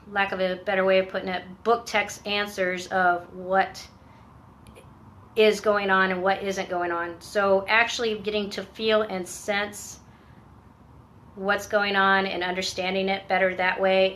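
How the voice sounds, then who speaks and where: A woman, a veteran finishing a treatment program, talks candidly in a personal vlog. She is earnest and reflective and often pauses and restarts. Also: medium pitch, a bit bright.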